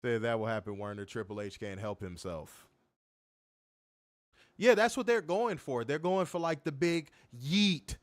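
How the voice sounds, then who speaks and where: A man's voice: medium pitch, unhurried, no room sound. Casting: brash male co-host, rowdy cursing banter, mid voice, dry mic. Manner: profane, animated, reads viewer comments aloud. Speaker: podcast co-host. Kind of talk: casual wrestling review chat.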